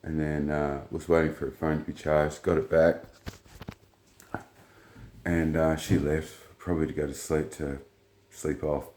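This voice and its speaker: Blunt, swearing man, very low voice, rambling anecdote in a roomy space. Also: a little slow. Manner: blunt, profane, rambling, retells dialogue in flat quotes. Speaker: vlogger. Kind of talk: casual storytelling monologue.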